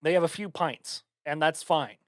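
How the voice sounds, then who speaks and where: A young adult American man co-hosting a podcast, ranting in a casual, profane, animated way. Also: on the high side, normal speed, dry recording, clean studio sound. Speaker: podcast co-host. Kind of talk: casual chat.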